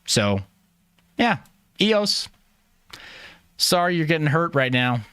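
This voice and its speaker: A man's voice: fairly high pitch, big pitch swings, unhurried, a bit bright, smooth, dry recording, studio quality. A man hosting a livestream, chatting casually in a joking, rambling, self-mocking way. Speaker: livestream host.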